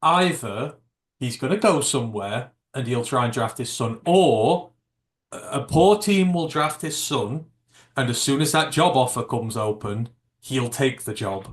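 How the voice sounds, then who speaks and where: A man with a middle-pitched voice chats about sport on a podcast. His voice climbs when he presses a point, and the room gives it a noticeable echo. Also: expressive, measured pace. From United Kingdom. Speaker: podcast co-host. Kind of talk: casual sports chat. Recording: echoey room.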